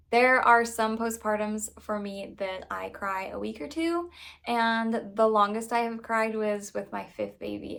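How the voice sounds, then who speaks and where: A woman in her thirties chatting candidly to camera as a mom vlogger, full of "like" fillers and sudden lively jumps when excited. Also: mid-range voice, creaky. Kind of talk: casual chat to camera.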